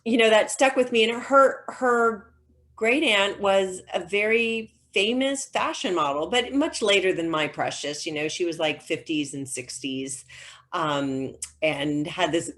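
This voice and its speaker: A woman's voice: lowish voice, fairly bright tone. A middle-aged woman novelist chatting over a video call, telling stories with lots of ums and restarts. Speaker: novelist, guest author. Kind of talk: casual conversational interview.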